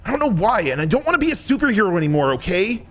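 A man's voice: high voice, sing-song, racing, a bit bright. A man voicing a sulky, defiant teenage superhero boy who complains and whines. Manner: whiny, complaining, petulant.

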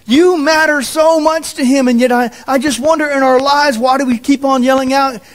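A man preaching a sermon as a pastor, in an animated, folksy manner. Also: extremely high pitch, moderate pace. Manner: animated, folksy, acts out quotes.

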